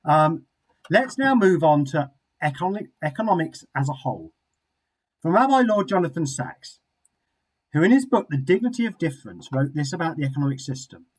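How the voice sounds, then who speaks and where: A man leading an online study session, talking in a quick, chatty and encouraging way over a video call. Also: a little high, sing-song, husky, low-quality recording. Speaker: synagogue study session leader. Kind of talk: online group discussion leading.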